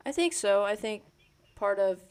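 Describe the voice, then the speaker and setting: A young man co-hosting a casual podcast chat, hesitant and full of ums and pauses. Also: high-pitched, expressive, clean tone. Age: young adult. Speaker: podcast co-host.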